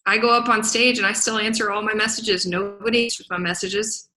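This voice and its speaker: A woman giving an energetic motivational talk as a business coach, speaking to a laptop on a video call and punctuating her points with quick rhetorical questions. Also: mid-range voice, rough recording. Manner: energetic, punchy, keeps asking "right?". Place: away from home, speaking to a laptop.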